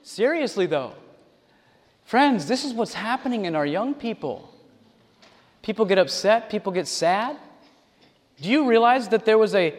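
A man preaching a sermon to a congregation, talking directly to them and acting out the voices of people he quotes. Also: high-pitched. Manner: animated, acts out quoted voices. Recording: long hall reverb.

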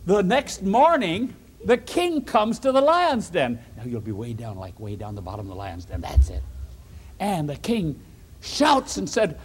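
A man's voice: fairly high pitch, measured pace. A man preaching by telling a Bible story to children, directing them as they act it out. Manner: animated, theatrical, directing children acting out the story.

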